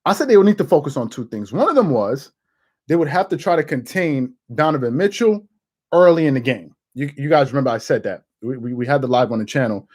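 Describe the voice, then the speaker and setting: A man hosting a casual sports commentary show, animated and laughing, with quick restarts. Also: medium pitch. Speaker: host.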